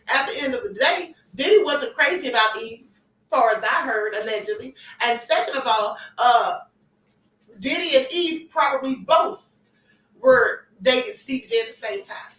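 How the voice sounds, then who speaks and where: A woman's voice: a little high, lively intonation, moderate pace, a bit bright, reverberant, recorded from a distance, poor audio. A woman hosting a livestream, giving emphatic celebrity gossip commentary and repeating her points for effect. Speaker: livestream host.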